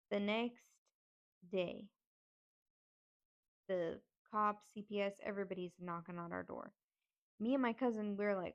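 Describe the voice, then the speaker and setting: Brief: woman podcast host, blunt and profane storytelling, mid-pitched voice, slightly dull audio. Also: moderate pace, pauses often, a bit bright. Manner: candid, profane, conversational. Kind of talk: personal storytelling.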